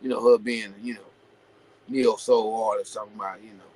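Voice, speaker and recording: A man hosting his own show, talking casually and at length, full of "you know" fillers and restarts, building into animated rhetorical questions. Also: lowish voice, moderate pace, a little hiss or hum, rough recording. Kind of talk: casual opinion monologue.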